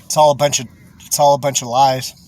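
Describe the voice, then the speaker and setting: A man's voice: mid-range voice, level tone, fairly quick, darkish tone. A man giving rambling religious commentary, chuckling often, repeating himself and swearing.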